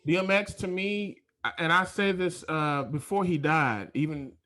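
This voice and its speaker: A man's voice: on the high side, sharp tone. A man hosting a podcast, making his points in an earnest, emphatic way during a casual chat. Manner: earnest, emphatic, talks in quick bursts. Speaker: podcast host. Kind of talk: casual conversation.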